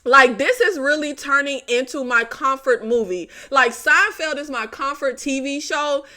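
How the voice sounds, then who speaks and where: A young woman hosts a casual horror review vlog, talking straight to her viewers. Her high, bright voice stays animated, and she laughs and swears freely. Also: a little slow.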